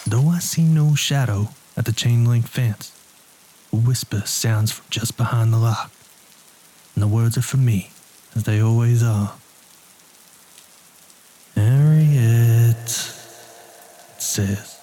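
A man reading a first-person horror story in a quiet, measured way. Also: mid-range voice, steady tone, slight background noise. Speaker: narrator. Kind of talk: scripted horror story narration.

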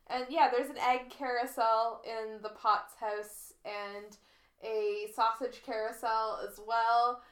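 A woman's voice: on the high side, steady tone, slow pace, fairly bright tone. A Canadian-born woman co-hosting a podcast, chatting casually, giggly and enthusiastic. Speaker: podcast co-host. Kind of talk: casual chat. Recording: roomy echo.

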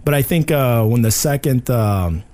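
A man's voice: medium pitch, lively intonation, normal speed, darkish tone. A man co-hosting a podcast, telling a loose story in casual chat with plenty of fillers and restarts. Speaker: podcast co-host.

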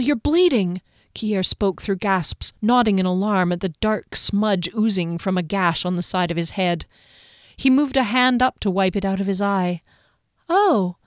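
A woman narrating an adventure story in an audiobook in a steady, measured way. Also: medium pitch, smooth, dry recording, clean studio sound.

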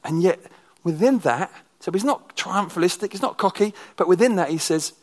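A male preacher delivering a sermon, moving between animated emphasis and quiet, almost whispered intensity. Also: high voice, a little fast. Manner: shifts from animated to hushed, near-whispered intensity.

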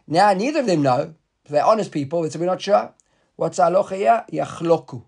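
A man's voice: sits high, animated, fairly quick, gravelly, slightly rough. A man teaching a Talmud class in a conversational way, often repeating words and asking the students questions.

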